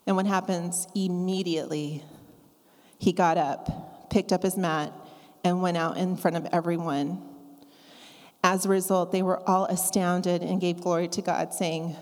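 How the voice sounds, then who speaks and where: A woman's voice: fairly low pitch, unhurried. Woman giving a sermon in a big reverby church, takes her time, acts out the quotes. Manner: conversational, acts out scripture quotes with lively asides. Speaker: preacher. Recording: long reverb of a large hall.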